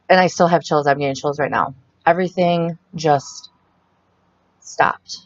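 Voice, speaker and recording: A young woman with a notably low voice tells a frightening personal story, pausing and restarting as she replays what was said. The recording is muffled and dry, with little room sound. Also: darkish tone, no room sound. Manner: halting, retells the scene with quoted dialogue.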